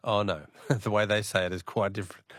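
A man's voice: on the low side, steady tone, fairly quick, fairly bright tone, no echo, clean studio sound. A man hosting a radio quiz, chatting easily with callers and laughing often. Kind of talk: casual radio talkback.

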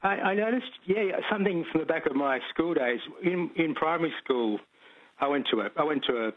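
A male caller on a tinny phone line who talks fast, tripping over his words and restarting sentences. His voice is a little husky. He chats casually while answering quiz questions. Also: fairly high pitch. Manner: quick, stumbling restarts, repeats words. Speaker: radio caller and quiz contestant.

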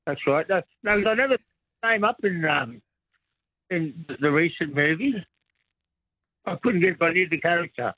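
A man calling in to a radio quiz and answering in a hesitant, halting way. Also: on the high side, lively intonation, sharp tone, husky, dry recording. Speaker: caller. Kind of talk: phone-in chat. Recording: tinny phone line.

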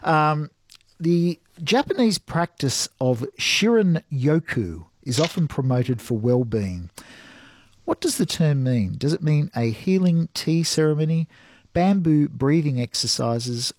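Brief: Australian male radio host, playful and teasing, slightly raspy, dry close studio sound. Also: a little high, very animated, slow pace, a little mellow, no room sound. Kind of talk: radio quiz and chat.

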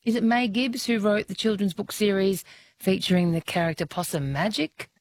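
A woman's voice: mid-range voice, moderate pace, heavy background noise. An Australian woman hosting a talkback radio quiz, chatty and encouraging, laughing easily with callers.

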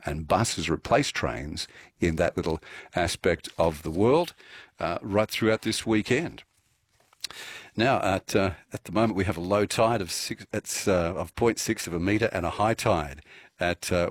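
A chatty, easygoing man presenting breakfast radio from a studio, laughing often. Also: sits low.

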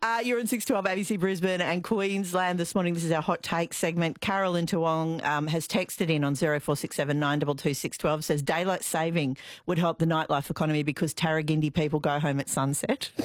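A woman hosting morning radio, chatting briskly with guests and reading out listener texts. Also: deep voice, steady tone, no room sound. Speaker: radio host. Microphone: studio microphone.

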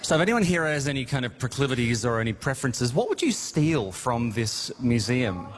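A man bantering on radio about films, joking and animated. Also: mid-range voice, a little fast, slight background noise. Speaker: film reviewer guest. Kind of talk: playful banter.

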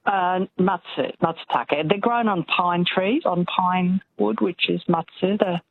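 Low-voiced woman caller on a phone line. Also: unhurried, a little hiss or hum.

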